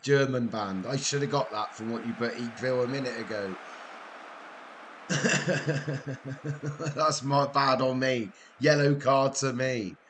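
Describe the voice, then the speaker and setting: Chatty man hosting a game stream, mid-pitched, quick to laugh. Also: a little hiss or hum. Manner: chatty, laughs often, joking with chat. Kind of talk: casual live-stream chat.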